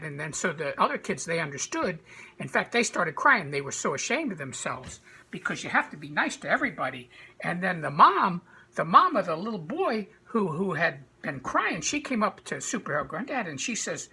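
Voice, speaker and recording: A woman tells an improvised story for children in a very husky, raspy voice. Her pitch leaps around with lively energy, and her tone is bright and forceful. She stumbles and repeats words as she goes. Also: moderate pace. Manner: animated, with frequent restarts and repeated words.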